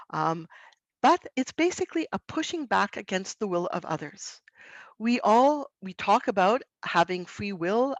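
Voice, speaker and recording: Earnest gentle woman giving a webinar. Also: mid-range voice, no echo. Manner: earnest and gentle, unhurried with pauses. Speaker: presenter to school staff. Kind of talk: online webinar talk.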